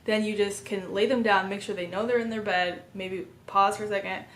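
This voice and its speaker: A woman in her thirties calmly explaining a baby sleep method, earnest and step by step. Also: mid-range voice, brisk. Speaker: parenting educator. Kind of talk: instructional talk to camera.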